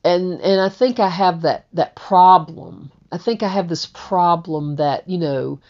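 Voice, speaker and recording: A woman's voice: lowish voice, unhurried, few pauses, darkish tone. A woman telling a personal story in a candid, rambling way, often repeating her words. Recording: dull lo-fi recording.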